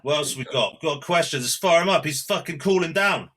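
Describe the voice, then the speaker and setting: A man's voice: on the high side, a little fast, background noise. A man hosting a podcast, bantering and swearing casually. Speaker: podcast host.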